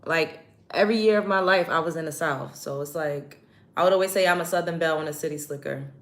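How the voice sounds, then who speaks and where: A young woman from New York talks to her livestream viewers in a loose, chatty way while she gets ready. Her voice sits a little low for a woman. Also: quick pace. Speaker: livestream host. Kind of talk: casual livestream chat.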